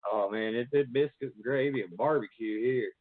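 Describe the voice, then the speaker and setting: A man's voice: mid-range voice, moderate pace, dry recording. A man from Virginia with a Southern Appalachian accent, chatting casually as a podcast host, laughing often and swearing freely. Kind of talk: casual chat. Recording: tinny phone-like line, dry.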